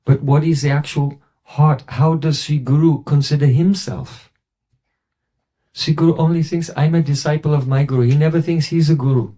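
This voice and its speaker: A man gives a relaxed devotional talk, spinning a story at an easy pace. His voice is mellow and dark, sitting a touch above a typical male pitch, and he drops lower when quoting others. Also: moderate pace. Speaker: spiritual teacher.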